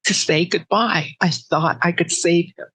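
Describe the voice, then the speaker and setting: A woman telling her personal grief story in an interview, with earnest, halting speech full of restarts that sits close to tears. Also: lowish voice, breathy edge, dry recording, low-quality recording. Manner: soft and emotional, close to tears.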